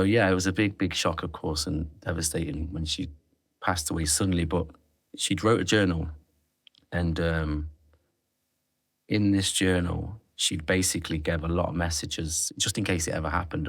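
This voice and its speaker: A man's voice: sits low, steady tone, normal speed, no room sound, studio quality. A man as a podcast guest, talking candidly and reflectively, often restarting his sentences. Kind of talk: candid interview conversation.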